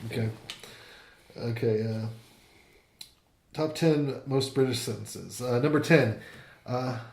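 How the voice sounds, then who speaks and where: A man's voice: mid-range voice, slow pace, vocal fry, a little mellow, roomy sound. A man hosting a casual comedy chat show, rambling and giggling as he talks. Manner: rambling, giggly, restarts often. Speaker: show host.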